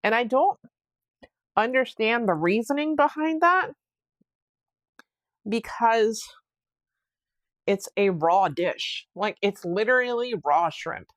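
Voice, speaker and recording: A young woman hosting a casual solo podcast, telling a story in a rambling, animated way with many fillers and restarts. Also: fairly high pitch, takes it slowly, pauses often, no echo. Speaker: podcast host.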